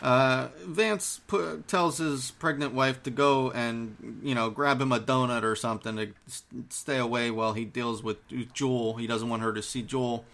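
A man's voice: mid-range voice, steady tone, moderate pace, creaky, a bit bright. A man hosting a podcast, casually recapping an episode in a rambling, profane way with lots of fillers. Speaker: podcast host.

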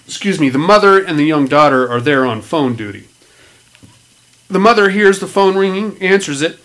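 Speaking at normal speed in a voice on the higher side, this man runs through a movie's plot for his podcast. The recap is loose and full of cursing, and he animatedly performs quotes from the film.

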